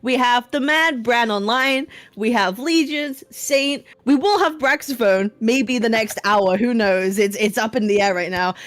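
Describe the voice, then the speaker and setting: A woman's voice: a little high, a little slow, hardly any pauses, fairly bright tone, dry recording. A woman hosting a podcast, upbeat and giggly as she introduces guests and moderates. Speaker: podcast host.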